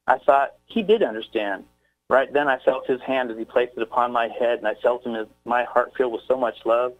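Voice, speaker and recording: Man, radio guest, reading his own poem, middle pitch, hesitant between lines. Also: phone-quality sound. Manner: hesitant, searching for words. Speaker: poet guest. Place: Texas, by phone into a radio show.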